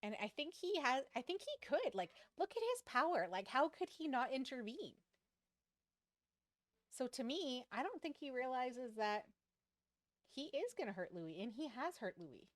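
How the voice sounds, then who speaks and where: A woman's voice: high-pitched, normal speed, no room sound. Chatty woman reacting to a show. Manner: chatty, animated, thinking aloud with many fillers. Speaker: reaction video host. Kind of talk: casual reaction commentary.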